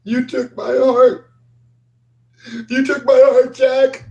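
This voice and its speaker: A man's voice: little pitch movement, vocal fry, dark tone, lo-fi sound, a little hiss or hum, heavily acted. A man wailing as a sobbing phantom woman. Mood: haunting. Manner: tearful, trembling, slow high-pitched wail. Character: grieving phantom woman, sobbing, echoing from everywhere.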